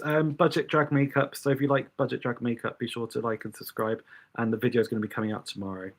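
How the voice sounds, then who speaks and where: Young guy doing drag makeup live, rambling to viewers, husky and a bit gravelly. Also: mid-range voice, fairly even intonation, quick pace. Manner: chatty, thinking aloud and talking to viewers. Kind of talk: casual livestream chat while doing makeup.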